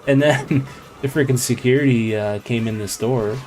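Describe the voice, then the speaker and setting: A man's voice: mid-range voice, moderate pace, darkish tone, a little hiss or hum. A man hosting a live game stream, telling a long, digressive story in casual chat while he plays. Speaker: live stream gaming host.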